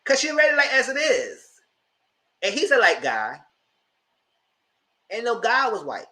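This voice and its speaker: A man's voice: extremely high pitch, wildly swooping pitch, measured pace, bright, forceful tone, slight background noise. A man with hosting a casual live TV review, talking in slang, laughing often and acting out characters' lines. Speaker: host.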